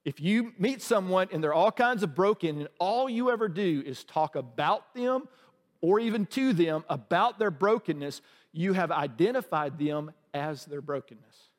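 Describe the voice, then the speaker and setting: A male pastor with a high-pitched voice delivers a sermon to his congregation. He keeps it conversational and joking, tossing questions out to the room. His voice carries a long reverb tail from the church sanctuary. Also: expressive, moderate pace.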